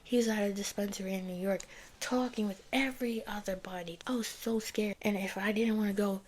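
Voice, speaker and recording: A woman's voice: mid-range voice, fairly even intonation, brisk, a little hiss or hum. Rambling young woman telling her story. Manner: rambling, many fillers like "like" and "you know". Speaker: vlogger sharing her faith story. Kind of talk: casual personal testimony.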